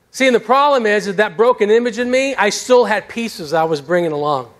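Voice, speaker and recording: A middle-aged male pastor preaching a sermon about his own life, telling it in an animated, self-deprecating way. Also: high voice, brisk, hardly any pauses. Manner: animated storyteller, acts out voices, self-deprecating humor. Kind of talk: sermon with personal testimony. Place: church sanctuary.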